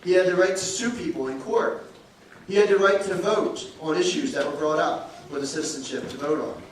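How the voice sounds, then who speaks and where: Pastor preaching in a very echoey hall. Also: male voice, a little high, fairly quick, slight background noise. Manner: storytelling, acts out quoted dialogue. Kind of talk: sermon. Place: church sanctuary. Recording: far from mic, very echoey church hall.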